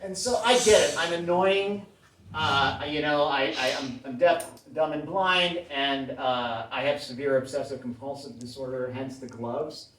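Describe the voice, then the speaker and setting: A man doing a stand-up comedy set in a small club, with a deadpan, self-deprecating delivery. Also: medium pitch, measured pace, a little hiss or hum. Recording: roomy club sound from a far mic, crowd laughing. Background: audience laughter.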